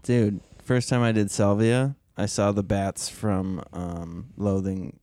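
A man's voice: lowish voice, flat delivery, takes it slowly, warm tone, slight background noise. A man hosting a casual chat, laid-back and swearing freely.

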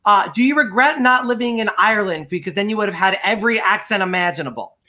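A woman hosting a solo interview show, speaking with high energy and laughing often. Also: quick pace, sharp tone. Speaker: podcast host.

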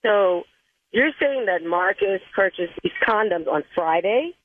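An upset, accusing woman speaking over a tinny phone line. Her voice is husky and swings widely in pitch, dry and close. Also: lively intonation, a little slow, no room sound. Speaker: wife on the call.

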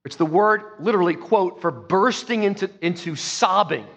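A man preaching a sermon as pastor, telling the story emphatically and swinging between soft and loud. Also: sits high, expressive, normal speed, gravelly, long reverb tail. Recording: dull lo-fi sound.

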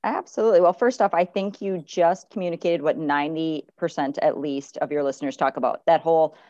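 Lively woman dog trainer. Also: brisk, no room sound, dull audio. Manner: animated, acts out dogs' thoughts in high voices. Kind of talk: advice podcast chat.

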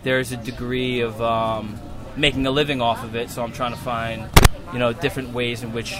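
A man with a Long Island accent, a muralist talking casually in an interview, relaxed and rambling with many fillers and restarts. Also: mid-range voice, moderate pace, over loud music. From Long Island, New York. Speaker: muralist guest. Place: outdoors at a wall being painted.

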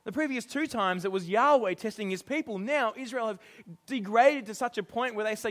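Male preacher, high voice, middle-aged, animated, laughs often, sermon. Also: brisk, few pauses. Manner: animated, laughs often, acts out exasperated quotes.

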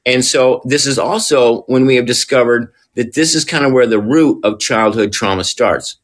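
A man on a podcast talks casually and explanatorily in his role as a recovery counselor, regularly posing rhetorical questions. He speaks at normal speed with a medium pitch.

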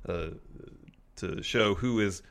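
A man with a fairly low voice co-hosts a casual podcast. He recaps in a dry, matter-of-fact way. He is recorded in a room at home. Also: takes it slowly, a bit bright, clean tone. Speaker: podcast co-host. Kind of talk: casual chat.

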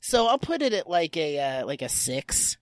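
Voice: mid-range voice, sing-song, moderate pace, dry recording, clean studio sound. A podcast co-host rambling casually and jokingly, with lots of fillers. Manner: rambling, jokey, many fillers.

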